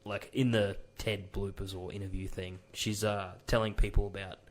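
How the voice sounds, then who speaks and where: A man co-hosting a podcast, chatting casually, rambling and swearing, often trailing off quietly. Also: low voice, level tone, moderate pace. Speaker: podcast co-host. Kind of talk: casual chat.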